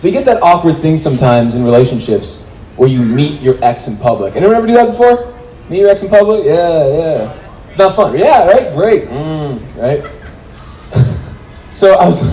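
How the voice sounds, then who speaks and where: A man in his twenties performing a stand-up comedy set on a club stage, acting out the voices in his stories. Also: on the high side. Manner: animated, acts out voices in quotes. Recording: roomy club with faint noise.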